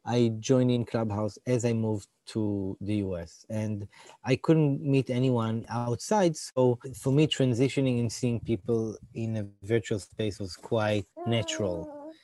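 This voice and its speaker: A man's voice: medium pitch, unhurried, dark tone, a little hiss or hum. A young man answering interview questions, often searching for words and restarting his phrases. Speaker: interview guest, digital community organizer.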